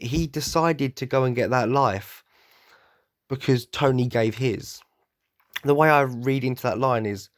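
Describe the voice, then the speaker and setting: A man's voice: mid-range voice, no echo, studio quality. A rambling, stuffy-nosed man on a podcast. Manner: rambling and enthusiastic, with restarts and stutters. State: blocked up, slightly nasal from hay fever. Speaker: podcast host. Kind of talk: casual solo podcast monologue.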